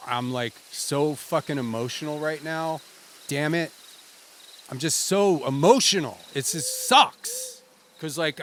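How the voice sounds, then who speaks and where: A man's voice: mid-range voice, a little hiss or hum. A man acting out a grown man lost in the woods at night, overwrought and swearing in a clumsy mock audition scene. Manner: clumsy, swearing, loudly overemotional.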